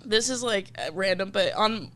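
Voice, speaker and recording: A woman comedian hosting a podcast in loose, self-deprecating casual chat, quick to laugh. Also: medium pitch, a bit bright.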